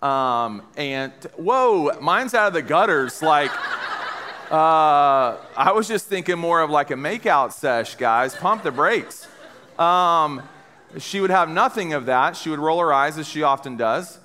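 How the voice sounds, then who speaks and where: Bright, high-voiced man joking to a hall. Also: expressive, takes it slowly. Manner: playful storytelling, self-mocking jokes, addresses the room. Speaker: speaker at a college ministry gathering. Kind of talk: live talk to a college audience.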